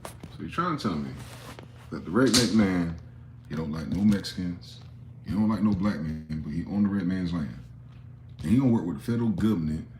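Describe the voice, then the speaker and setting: Deep-voiced man ranting, profane. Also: darkish tone, slight background noise. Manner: profane, heated and sarcastic. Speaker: commentary vlogger. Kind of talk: ranting political commentary. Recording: roomy echo.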